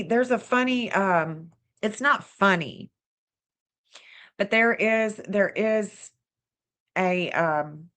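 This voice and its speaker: On her livestream, this true-crime astrology host, a middle-aged woman with a Southern accent, speaks in a lowish voice with a fairly bright tone. Her casual talk meanders and circles back, broken by frequent restarts and little laughs.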